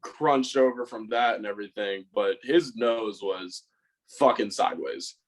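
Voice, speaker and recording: A man's voice: on the low side, unhurried, rough recording. A young man on a podcast telling a rambling, swear-filled story about a fight, acting out what he said. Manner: rambling, swears a lot, acts out his own lines. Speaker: podcast co-host. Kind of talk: casual storytelling.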